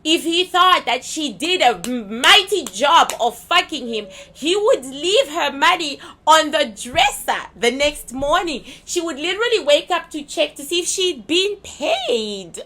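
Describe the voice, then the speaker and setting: Blunt, bright-voiced woman vlogger. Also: high-pitched, a little slow, hardly any pauses. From Zimbabwe. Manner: blunt, candid storytelling with crude language; animated, swings loud and laughing. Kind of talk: casual rambling monologue.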